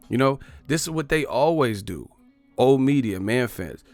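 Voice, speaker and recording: A man's voice: mid-range voice, lively intonation, moderate pace, darkish tone, no room sound, faint music behind. A man ranting in boxing commentary, brash, combative and profane.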